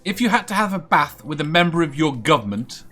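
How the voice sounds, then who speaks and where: Lively bright-voiced quiz host. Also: male voice, a little high, brisk, faint music behind. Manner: playful and teasing, laughs often. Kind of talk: casual quiz hosting.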